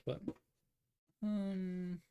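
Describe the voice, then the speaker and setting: A man's voice: high voice, level tone, very slow, mellow, a little hiss or hum. A man talking to himself in a rambling way as he draws, giving casual commentary. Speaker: artist.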